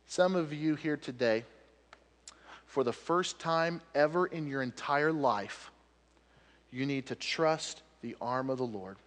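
A male pastor preaches with animated storytelling, then drops to soft, earnest appeals. His voice sits a little high for a man. It carries the long, rolling echo of a large hall. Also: takes it slowly. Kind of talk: sermon.

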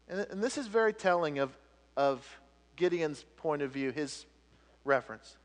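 Pastor guy preaching, kinda high voice, gets big then goes real quiet, echoey church. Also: expressive, moderate pace. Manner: dramatic, swings from loud emphatic to hushed. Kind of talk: sermon. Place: church sanctuary. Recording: long reverb of a church hall.

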